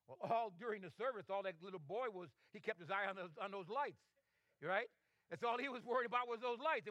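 A man's voice: high-pitched, brisk, a bit bright, no echo. A man preaching a sermon, emphatic and fond of rhetorical questions. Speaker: pastor.

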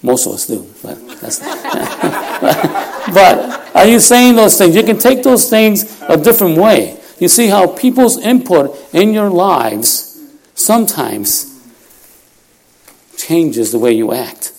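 A man's voice: sits high, very animated, takes it slowly, darkish tone. A man in his fifties of Puerto Rican heritage, preaching a sermon in a church, folksy and self-deprecating, often laughing as he tells stories. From Puerto Rico heritage. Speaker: lay preacher. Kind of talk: sermon with storytelling.

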